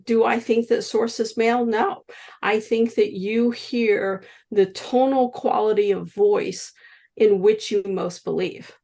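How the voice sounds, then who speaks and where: Taking her time, a woman in her sixties with a gravelly, mid-range voice tells stories during an interview as a guest healer. She's animated, acting out the voices of the people in her tales.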